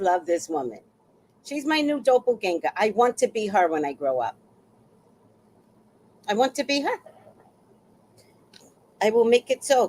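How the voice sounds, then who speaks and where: A woman in her sixties hosting reaction commentary, animated and playful, who often repeats her phrases. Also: on the high side. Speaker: host.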